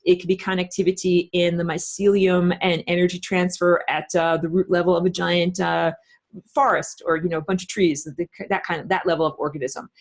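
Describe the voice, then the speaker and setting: Low-voiced woman giving a rambling class. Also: flat delivery, brisk. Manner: rambling and emphatic, many fillers and restarts. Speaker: spiritual teacher. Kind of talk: online class presentation.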